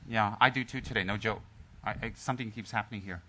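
Opening with jokes, a man leading his group in a Dharma teaching moves into a story told in a soft, calm manner. His lowish voice pauses and restarts often.

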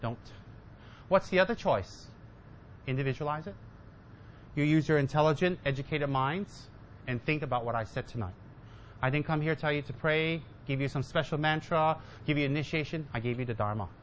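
A man's voice: a little high, a little fast, lo-fi sound, slight background noise. A man giving a humorous Dharma talk as a Buddhist teacher, joking with and teasing his listeners and mimicking his students.

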